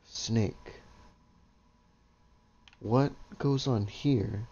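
Man, let's-play commentary, excitable, swears a lot, mid-pitched voice, dull lo-fi audio. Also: extremely slow, creaky, slightly rough. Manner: excitable, swears often, talks to viewers. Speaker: gaming video host.

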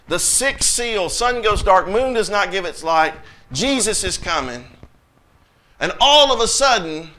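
Pastor guy preaching, bright kinda tense voice, a bit high, blunt and fired up. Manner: animated, emphatic, blunt, rhetorical questions. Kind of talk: sermon.

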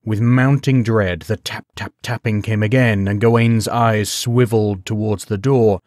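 A man narrating a bedtime story in a measured, unhurried way. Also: fairly low pitch, fairly even intonation, a little mellow, no room sound, clean studio sound.

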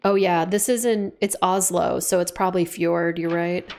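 A woman's voice: fairly low pitch, steady tone, normal speed, few pauses, darkish tone, slight background noise. A woman streaming a horror game, chatty and joking, saying "F word" in place of swearing. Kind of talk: casual let's-play commentary.

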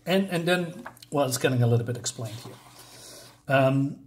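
A man's voice: medium pitch, animated, moderate pace, darkish tone. A man giving a casual, rambling review of a comic book, drifting into asides with frequent fillers.

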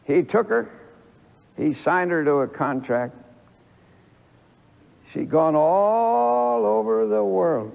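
Older preacher, lively swooping delivery. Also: male voice, a little high, takes it slowly, vocal fry, pauses often. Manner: folksy storytelling with lively preaching emphasis. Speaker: pastor. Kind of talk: sermon. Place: church sanctuary before a congregation. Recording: echoey, dull old archival church recording.

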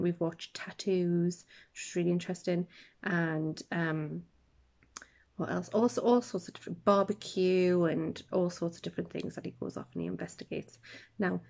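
A woman's voice: medium pitch, a little mellow. A middle-aged woman from the UK hosting a podcast, chatting casually and enthusiastically about shows she loves, rambling with asides. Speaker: podcast host. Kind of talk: casual chat reviewing shows.

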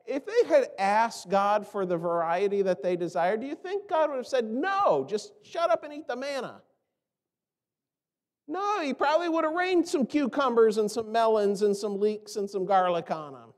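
High-voiced American preacher in a reverberant church. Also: male voice, moderate pace, few pauses. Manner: animated preaching, mocking voices for complainers. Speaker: pastor. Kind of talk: sermon. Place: church sanctuary.

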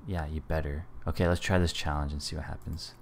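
Low male game commentator, casual and playful, slight hiss behind. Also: level tone, a little fast, creaky. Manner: playful, amused, reading choices aloud. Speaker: gaming video host.

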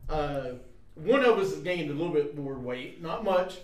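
A man co-hosting a wrestling talk show in a studio, upbeat and excitable in casual chat. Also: on the high side, moderate pace. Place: broadcasting school studio. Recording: echoey room, distant mic.

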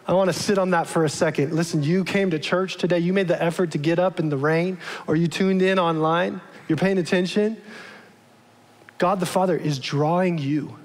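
A man's voice: high voice, steady tone, moderate pace. A male pastor giving a casual, conversational sermon, often asking his congregation questions. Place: large church. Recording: long church-hall reverb.

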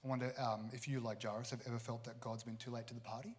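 A man delivers a church sermon in an easy, conversational manner. His voice sits at an ordinary middle pitch, and he slips into the voices of the people in his stories as he tells them. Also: flat delivery, quick pace. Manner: conversational, acts out quoted characters. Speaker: pastor.

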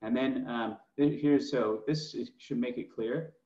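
A man's voice: medium pitch, fairly even intonation, measured pace, dark tone. Enthusiastic man in a roomy, dull call. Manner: enthusiastic, with many fillers and restarts. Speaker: master sommelier guest. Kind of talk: presenting slides in a wine tasting webinar.

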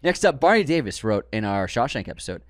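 Boston-accented male co-host, animated and jokey, reading listener comments on a dry, close mic. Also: mid-range voice, fast talker, no echo. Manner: animated, laughs often, quotes comments in put-on voices. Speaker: podcast co-host.

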